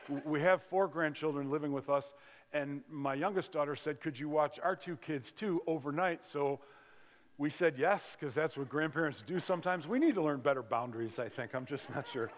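Older pastor preaching in a reverberant hall. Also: male voice, fairly high pitch, normal speed. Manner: conversational storytelling with acted-out quotes. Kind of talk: sermon. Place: large church sanctuary. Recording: long reverb of a large hall.

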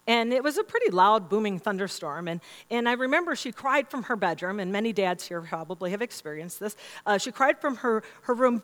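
A woman's voice: a little high, fairly quick. A middle-aged woman pastor giving a sermon, telling stories and acting out quoted voices as she preaches. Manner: storytelling, animated quoting of others. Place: church sanctuary. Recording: long reverb in a large hall.

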